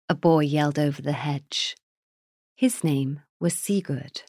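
A woman narrating a children's storybook chapter in a measured, deliberate way. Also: low voice, warm tone, dry recording, clean studio sound.

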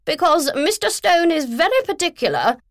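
A woman putting on a booming posh agent. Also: sing-song, a bit bright, no room sound, studio quality, exaggerated voice. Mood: imperious. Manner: booming, haughty, drawn-out. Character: loud posh impatient older female literary agent.

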